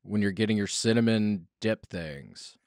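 A man's voice: lowish voice, animated, vocal fry, darkish tone, no echo. A man hosting a comedy podcast in a studio, playful and teasing. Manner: playful, teasing, quick asides. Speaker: podcast host. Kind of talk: casual comedy podcast chat.

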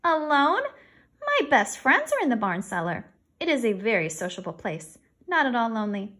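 A woman voicing an eager, imaginative little farm girl in a storybook reading. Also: fairly quick. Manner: excited, rising pitch.

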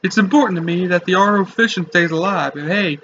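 A man's voice: high voice, a little fast, fairly bright tone, highs cut off, a little hiss or hum. A man voicing a grizzled old sailor fisherman with a put-on old salt accent. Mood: hearty.

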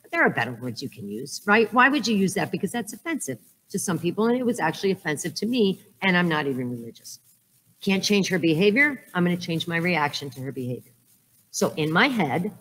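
A woman's voice: fairly low pitch, slightly rough. A woman in her fifties giving a humorous talk at a conference, telling jokes and stories and often checking in with "right?". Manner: joking storyteller, frequent "right?". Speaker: conference speaker. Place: conference hall. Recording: echoey hall with long reverb.

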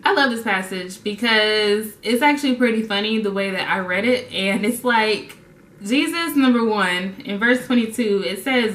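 A woman's voice: medium pitch, fairly bright tone. Woman sharing scripture in a roomy space. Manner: playful, acts out scenes with funny voices. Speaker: faith vlogger. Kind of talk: casual devotional talk. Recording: roomy echo.

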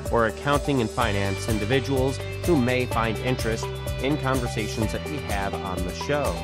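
Producer, man, brisk announcer read, mid pitch, strong music bed. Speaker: podcast producer. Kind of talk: reading a show intro.

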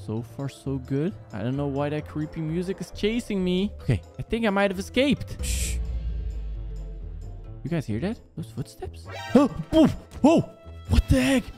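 A young man in gaming commentary, talking to viewers and getting panicky as he runs through a maze. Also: mid-range voice. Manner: jumpy, panicky, talks to viewers as guys. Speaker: gaming YouTuber. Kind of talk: horror game commentary. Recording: game music behind.

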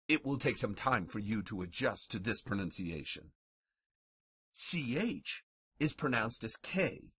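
A man narrating a scripted lesson as a language teacher, carefully and deliberately sounding out each example word. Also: medium pitch, very animated, a bit bright, slightly rough, no echo.

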